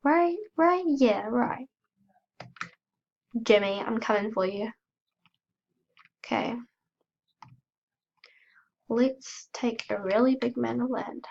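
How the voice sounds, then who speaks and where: A woman's voice: fairly high pitch, steady tone, takes it slowly, creaky, pauses often, darkish tone, dull audio. A woman with a cold giving chatty, self-mocking commentary as she plays, gasping and squealing when startled. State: has a cold. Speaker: gaming channel host. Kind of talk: casual gameplay commentary.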